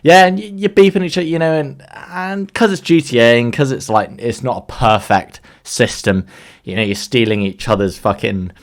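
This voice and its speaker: A British man chatting on a podcast with an animated storytelling manner. He swears freely and jumps into other people's voices as he recounts what happened. His voice sits at an ordinary middle pitch. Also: moderate pace. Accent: British English. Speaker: podcast co-host. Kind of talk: casual chat.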